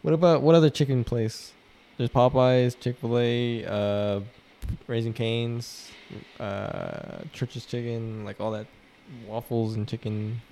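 A man's voice: mid-range voice, steady tone, slow, creaky, mellow, a little hiss or hum. A young man in casual chat as a podcast co-host, loose and joking, swearing a lot and laughing often.

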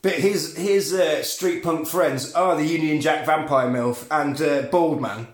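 A man's voice: a little high, measured pace, roomy sound. A man recapping a film plot in casual comedic chat, swearing and laughing as he mimics the characters. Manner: sweary, laughing, retells scenes with quoted voices. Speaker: podcast co-host recapping a film.

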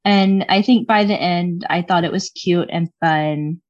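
A woman appearing as a podcast guest, giving her opinion in a measured, thoughtful way. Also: lowish voice, a little mellow, dull audio. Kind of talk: casual podcast chat.

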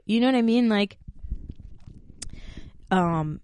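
A woman's voice: on the low side, a little slow, a little mellow. A woman podcast host candidly telling a personal story, frank and full of swearing. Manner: frank and profane, talks straight to listeners.

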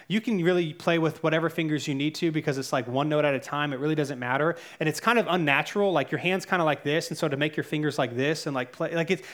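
A man's voice: fairly high pitch, fairly bright tone. Earnest man preaching a sermon. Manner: earnest, conversational preaching with fillers and self-corrections. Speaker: pastor.

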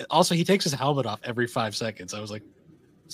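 A man's voice: mid-range voice, expressive, very fast, fairly bright tone, slight background noise. A man co-hosting a podcast in casual chat, rambling with lots of fillers and laughing often. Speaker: podcast co-host.

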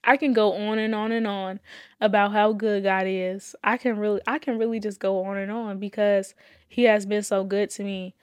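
A woman's voice: mid-range voice, level tone, moderate pace, smooth, no echo, clean studio sound. Fervent woman sharing her faith testimony. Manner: fervent, repeats phrases, laughs between lines; casual, addresses listeners as y'all. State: holding back tears. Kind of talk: emotional personal testimony.

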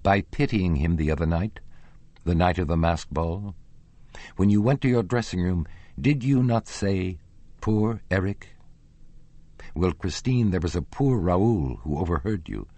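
A man's voice: deep voice, lively intonation, measured pace, warm tone, dry recording, heavily acted. A man voicing a passionate, jealous young nobleman in an audiobook, earnest and despairing. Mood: insistent. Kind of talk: audiobook character reading.

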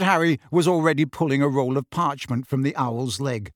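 A man narrating a fantasy novel as an audiobook, in an expressive storytelling manner. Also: medium pitch, moderate pace, few pauses, no echo, clean studio sound. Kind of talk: scripted narration.

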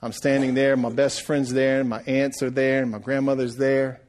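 A middle-aged man preaching a sermon, rising loud and then dropping to a hush. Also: medium pitch, little pitch movement, normal speed. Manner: preaching, swells loud then drops to hushed. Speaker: pastor.

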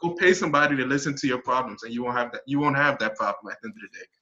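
A man's voice: medium pitch, racing, bright, forceful tone, dull audio, a little hiss or hum. A man in casual podcast chat, talking bluntly and emphatically. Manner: brash, emphatic, blunt opinions.

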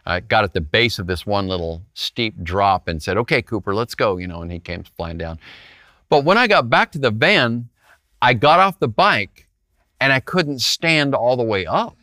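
A man's voice: on the low side, moderate pace, no room sound, studio quality. A male pastor giving a conversational sermon, telling a personal story and turning often to his listeners with "right?". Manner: animated, talks straight to listeners with frequent rhetorical "right?".

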